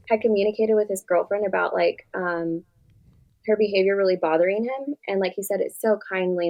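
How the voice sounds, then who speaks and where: Fast-talking gravelly-voiced woman therapist. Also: on the low side, darkish tone, lo-fi sound. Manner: fast, chatty storytelling, filler-heavy. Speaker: therapist for veterans, guest. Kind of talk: casual interview chat.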